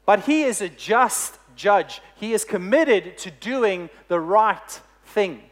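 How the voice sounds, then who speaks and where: A preacher delivering a sermon, telling a story with emphatic, deliberate phrasing. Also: medium pitch, lively intonation.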